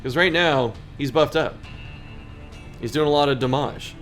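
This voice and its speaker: A man's voice: on the high side, measured pace, fairly bright tone, faint music behind. Self-mocking man reading game text. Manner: self-deprecating, laughs at own mistakes. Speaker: gaming video host. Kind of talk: reading game text aloud and playing commentary.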